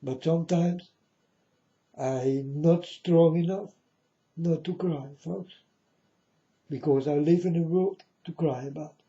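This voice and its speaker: A man giving a mournful prophetic warning monologue, slowly speaking straight to his listeners and calling them folks. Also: a little high, fairly even intonation, dark tone. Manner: slow, mournful, repeatedly addresses listeners as folks. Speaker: self-styled prophet. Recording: dull lo-fi audio.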